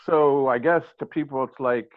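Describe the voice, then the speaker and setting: A man's voice: medium pitch, moderate pace, no room sound. Older male guest, emphatic and matter-of-fact, dry slightly muffled recording. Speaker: guest, former ballplayer and hitting coach. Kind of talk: casual podcast conversation. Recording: slightly dull, lo-fi sound.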